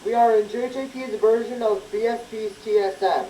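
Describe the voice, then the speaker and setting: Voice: medium pitch, fairly even intonation, moderate pace, warm tone, close to an everyday voice. A voice actor doing a chirpy talking siren. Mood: excited. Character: cheerful talking siren character, excited. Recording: distant, noisy playback from a video.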